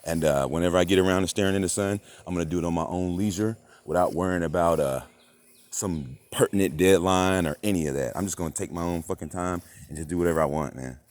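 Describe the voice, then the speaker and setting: A man vlogging a rambling, profane rant that swings between muttering and loud outbursts. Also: sits low, fast. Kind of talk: rambling monologue.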